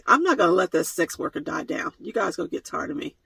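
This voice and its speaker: Playful laughing woman vlogger, bright voice. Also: fairly low pitch, very animated, normal speed, vocal fry, slightly rough, rough recording. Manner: playful, laughs often, mock-dramatic joking. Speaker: van life vlogger. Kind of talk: casual Q&A vlog. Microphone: phone camera.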